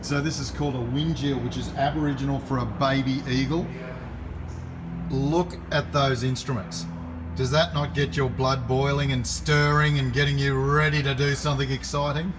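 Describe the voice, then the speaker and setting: Older aussie bloke, all excited, chatting with his mates about planes. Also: mid-range voice, moderate pace, noisy background. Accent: Australian. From Australia. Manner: enthusiastic, matey banter. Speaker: aviation vlogger. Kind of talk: casual chat. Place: aircraft hangar.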